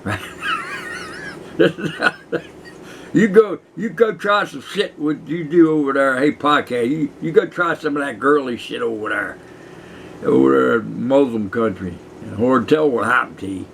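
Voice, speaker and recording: A man's voice: medium pitch, normal speed, gravelly, a little hiss or hum, low-quality recording. A man in his sixties, a retired prison guard, telling rambling, profane stories in casual chat. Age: 60s. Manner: profane, meandering, chuckling. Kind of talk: rambling casual storytelling to camera.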